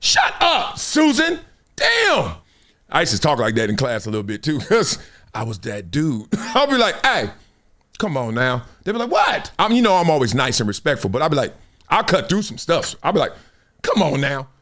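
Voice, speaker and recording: Animated middle-aged male sports host. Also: a little fast. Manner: animated, laughing, jumps to high exclaims. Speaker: show host. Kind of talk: casual live-stream sports talk.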